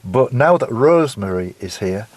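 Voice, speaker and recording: A man's voice: mid-range voice, lively intonation, moderate pace, no echo. A man vlogging a walk and chatting casually, repeating words and restarting his sentences as he goes. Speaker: walking vlogger. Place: outdoors on a walk.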